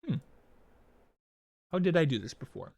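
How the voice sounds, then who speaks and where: A man's voice: a little high, very animated, normal speed, gravelly, darkish tone, slightly rough, no room sound. Rambling, swearing male streamer, dry sound. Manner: rambling, profane, many "like" fillers. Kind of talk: casual chat while setting up a game stream.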